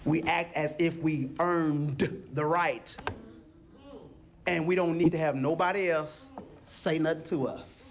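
A man preaching a sermon in an animated, folksy call-and-response style. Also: fairly high pitch, takes it slowly. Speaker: pastor.

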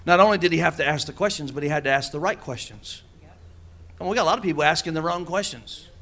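Preacher guy, kinda high voice, calls out to the crowd and does funny voices. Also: animated, fast talker, pushed and bright. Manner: preaching with call-and-response asides; acts out quoted voices with humor. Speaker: pastor. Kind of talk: sermon.

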